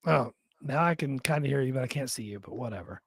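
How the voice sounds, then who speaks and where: A man's voice: mid-range voice, lively intonation, fast, gravelly, a bit bright, slightly rough, no echo, studio quality. A man co-hosting a live podcast, chatting casually and joking with plenty of swearing. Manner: profane, rambling, joking. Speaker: podcast co-host.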